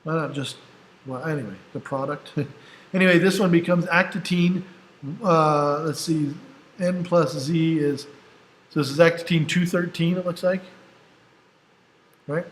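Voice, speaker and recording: A man's voice: a little high, steady tone, measured pace, long pauses. A male teacher giving a casual classroom lecture, explaining step by step and often checking in with "right?". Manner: casual, self-deprecating asides. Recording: echoey room, faint background noise.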